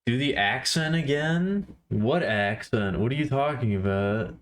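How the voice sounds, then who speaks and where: A man's voice: mid-range voice, lively intonation, unhurried. A man streaming while he draws, chatting casually and answering his chat in a mumbling, self-deprecating way.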